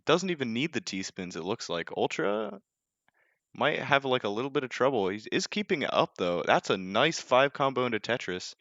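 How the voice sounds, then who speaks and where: A man's voice: mid-range voice, very animated, normal speed, creaky, fairly bright tone, dry recording, highs cut off. A young man casting a live game, casual and joking, often self-deprecating and full of fillers. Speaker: esports caster.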